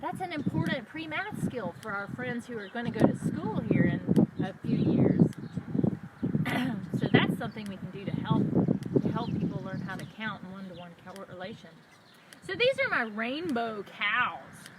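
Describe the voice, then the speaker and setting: A woman who is a children's librarian, leading a storytime and speaking slowly in a sing-song way to small children. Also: on the high side, lively intonation. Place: outdoors on a farm. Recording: distant mic with loud outdoor noise.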